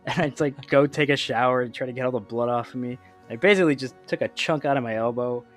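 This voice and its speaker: A man hosting a gaming podcast, telling a story in a casual, animated way, laughing often and acting out voices. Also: mid-range voice, fast, soft background music. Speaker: podcast host.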